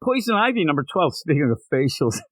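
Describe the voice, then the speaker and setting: Podcast co-host, male, lively swooping delivery, slightly high voice, rambling with frequent laughs and cursing. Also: fairly quick, no echo. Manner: rambling, laughing often, swears freely. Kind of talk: casual comic book podcast chat. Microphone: remote recording setup, not in the same room.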